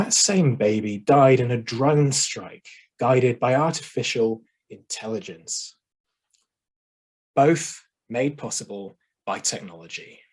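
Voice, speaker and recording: A man giving a competition speech over a video call, measured and oratorical with dramatic pauses. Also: on the high side, a little mellow, breathy edge. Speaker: speech contestant.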